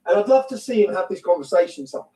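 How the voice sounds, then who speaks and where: Racing along in a high, expressive voice with a warm tone, this English interview guest hammers his points bluntly, repeats himself, and swears occasionally in a heated conversation. The low-quality recording is reverberant, with the mic far away.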